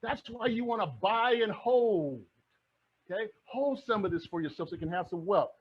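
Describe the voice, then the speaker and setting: Man, middle-aged, high-pitched, energetic, motivational speaker, rhetorical questions, slightly muffled lo-fi sound. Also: normal speed, husky. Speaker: real estate investing speaker. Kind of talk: motivational online presentation.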